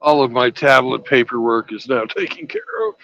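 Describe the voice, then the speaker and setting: A man's voice: mid-range voice, huge pitch swings, normal speed, gravelly, lo-fi sound, noisy background. A man hosting a livestream from his parked truck, chatting in a laid-back way and swearing casually. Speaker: livestream host, truck driver. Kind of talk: casual chat.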